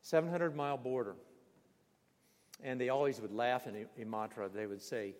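An older man preaching a sermon, telling personal stories with animated, vivid emphasis in a church. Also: medium pitch, normal speed. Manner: vivid, animated storyteller with bursts of emphasis and laughter. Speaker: pastor. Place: church sanctuary. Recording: long hall reverb.

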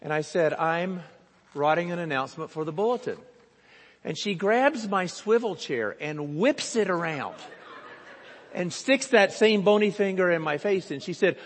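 A man preaching a sermon as pastor, telling a story slowly and deliberately with voices for the people in it. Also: sits high, animated. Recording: long reverb of a church hall.

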